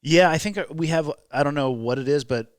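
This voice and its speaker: A man's voice: on the high side, brisk, no echo. Blunt, opinionated man in casual talk. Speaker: podcast guest. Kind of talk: casual conversation.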